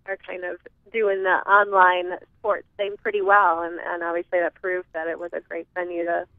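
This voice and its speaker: A woman's voice: lowish voice, completely flat delivery, moderate pace, no room sound. A woman from the American Midwest chats as a guest over the phone, giggling and trailing off with fillers. Her voice comes through a dry, tinny phone line. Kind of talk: casual interview chat.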